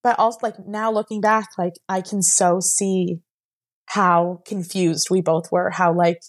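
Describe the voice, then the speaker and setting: A woman's voice: on the low side, flat delivery, unhurried. A young woman telling a personal story as a podcast guest. She rambles emotionally, with many fillers, and sounds close to tears at times.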